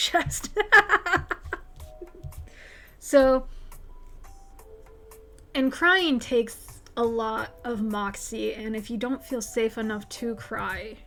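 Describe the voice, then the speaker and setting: Blunt, fired-up woman livestreamer. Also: fairly high pitch. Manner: candid, profane, emphatic. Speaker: livestream host. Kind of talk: casual chat answering viewer questions. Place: home streaming setup.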